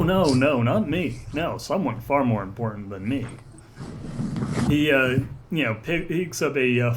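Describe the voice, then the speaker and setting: A man's voice: medium pitch, a little hiss or hum. A man running a tabletop role-play as game master, narrating with many fillers and restarts.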